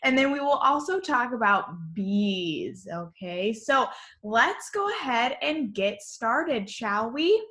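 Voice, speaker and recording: Woman, teacher, online lesson for small children, slow, encouraging, sing-song, fairly high voice, computer mic. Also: sing-song, sharp tone.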